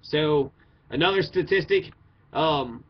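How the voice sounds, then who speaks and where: A man's voice: on the high side, slow. A man from Kentucky giving a blunt, profane, opinionated monologue. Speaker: commentator. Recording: dull lo-fi recording.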